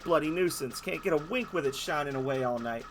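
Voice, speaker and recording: Man doing a gruff Aussie dolphin monster. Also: a little high, a little fast, soft background music, natural voice. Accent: put-on Australian. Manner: gruff, threatening, loud. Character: bullying male ice dolphin monster, gruff tough-guy.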